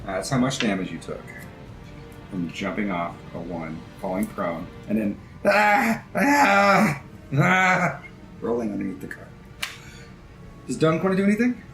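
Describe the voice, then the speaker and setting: Lively man running a tabletop game. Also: medium pitch, unhurried. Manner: casual, laughing, lively. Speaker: game master. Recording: roomy sound with faint music.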